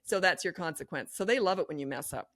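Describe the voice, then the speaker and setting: A woman's voice: fairly low pitch, fast, no echo. Blunt middle-aged woman coach, dry sound. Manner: blunt, no-nonsense storytelling; lively, acts out quoted voices. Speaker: parenting coach guest. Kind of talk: podcast interview.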